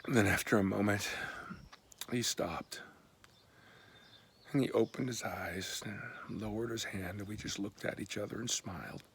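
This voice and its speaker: A man telling a personal story in an earnest, candid and heartfelt way, often dropping to a hushed half-whisper. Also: on the low side, unhurried, gravelly, long pauses, breathy edge.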